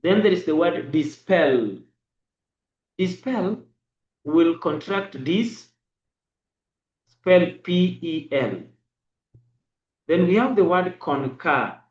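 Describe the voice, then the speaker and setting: A man teaching at a very slow, deliberate pace, spelling out letters and dot numbers one by one. His voice sits somewhat high, and the recording sounds roomy and dull. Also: lively intonation. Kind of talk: braille lesson. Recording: echoey dull lo-fi room.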